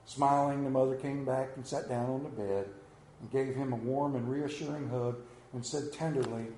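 A man's voice: medium pitch, fairly even intonation, normal speed, mellow, roomy sound, a little hiss or hum, low-quality recording. A man preaching a sermon as pastor, telling stories with rising and falling emphasis.

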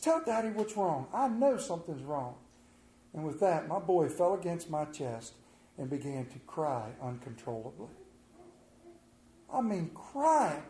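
Preacher guy, kinda high voice, folksy storytelling, goes quiet then gets loud, echoey church. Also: big pitch swings, measured pace. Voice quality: folksy Southern drawl talk with "ain't" and "y'all". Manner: storytelling, shifting from hushed tender moments to loud emphatic preaching. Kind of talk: sermon. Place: church sanctuary.

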